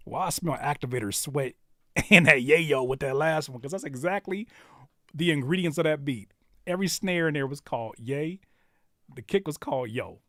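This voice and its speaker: A man's voice: fairly high pitch, normal speed, bright, forceful tone, no echo, clean studio sound. A man hosting a live music reaction stream, bantering and teasing his chat viewers. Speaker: livestream host reacting to music.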